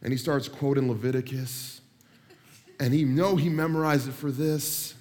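A man's voice: medium pitch, moderate pace. A man preaching a sermon, joking with his listeners and acting out the people he talks about. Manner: animated, joking, acts out people he mentions. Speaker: pastor. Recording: long hall reverb.

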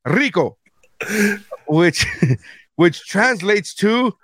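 A man's voice: on the high side, lively intonation, moderate pace, no room sound. A married man co-hosting a podcast, telling crude stories with frequent laughter. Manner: crude storytelling, laughs often. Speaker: podcast co-host. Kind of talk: casual comedic chat.

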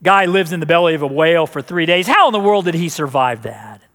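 A pastor doing a pushy scoffing cynic. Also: male voice, a little high, lively intonation, brisk, a bit bright, voice pushed down. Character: aggressive cynical man on a plane.

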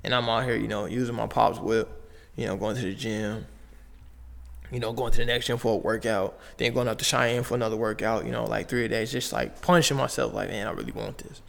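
A man's voice: fairly low pitch, fairly even intonation, fairly quick, vocal fry, fairly bright tone, long reverb tail. A young man from Las Vegas, a basketball player telling his story in loose, slangy casual talk full of fillers and restarts. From Las Vegas, USA.

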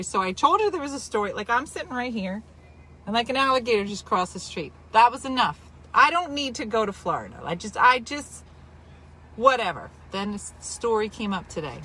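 A woman from New Jersey telling a story in casual chat, animated and exaggerated, with quick asides. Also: on the high side.

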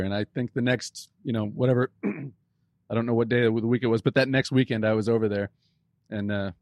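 A man's voice: mid-range voice, fairly even intonation, a little fast, a little mellow, no room sound, clean studio sound. A man hosting a podcast, chatting in a friendly, curious way and adding little asides. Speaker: podcast host. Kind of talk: casual interview chat.

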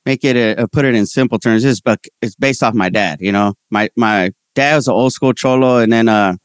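A man talking as a comedian guest in a casual interview, telling stories in slangy, animated speech and voicing the people he quotes. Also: medium pitch, fairly quick, clear, resonant tone, no room sound, clean studio sound.

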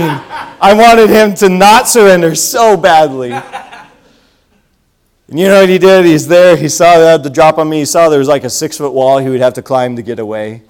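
A preacher with a somewhat high voice delivers a sermon. He tells a personal story with lively energy and swings from booming calls to quiet, confiding asides. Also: normal speed. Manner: animated storytelling, swings between loud calls and hushed asides.

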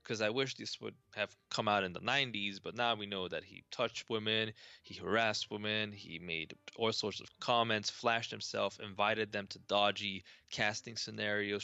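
Gravelly man talking bluntly over a call. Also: on the low side, sharp tone, dry recording, lo-fi sound. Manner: blunt, profane, wry. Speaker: podcast co-host. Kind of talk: casual podcast discussion. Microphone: video call.

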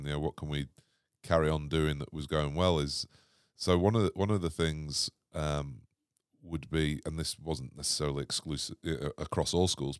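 Male host, very deep, dry recording, hesitant chatty delivery. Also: clean tone, no room sound. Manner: halting, lots of ums and restarts. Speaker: podcast host. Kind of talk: casual podcast conversation.

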